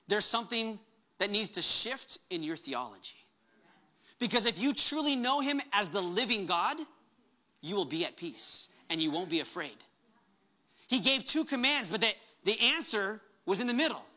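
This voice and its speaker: A man's voice: high voice, pushed and bright. A pastor preaching a sermon to his congregation, impassioned, raising his voice when he quotes commands. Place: church hall before a congregation.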